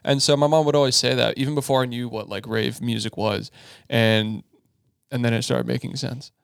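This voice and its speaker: A man's voice: medium pitch, steady tone, normal speed, creaky, clean tone, no echo, clean studio sound. A man co-hosting a casual podcast, rambling with many restarts and some swearing. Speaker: podcast co-host.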